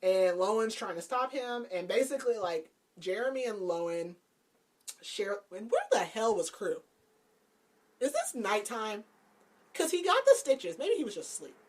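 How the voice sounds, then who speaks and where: A woman's voice: medium pitch, very animated, normal speed. A woman podcast host casually recapping a book's plot, chatty and laughing, with lots of "like". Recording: voice a bit far from the mic.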